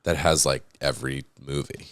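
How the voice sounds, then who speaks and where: A man's voice: extremely low pitch, steady tone, moderate pace, fairly bright tone, dry recording, studio quality. A man, a podcast guest, telling stories in a laid-back casual chat and laughing often. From United States.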